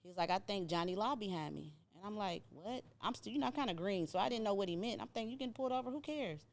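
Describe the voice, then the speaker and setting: A woman's voice: medium pitch, fast talker, creaky. A middle-aged woman from Indiana, a podcast guest telling her story in casual talk, acting out what people said. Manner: animated storyteller acting out quoted voices.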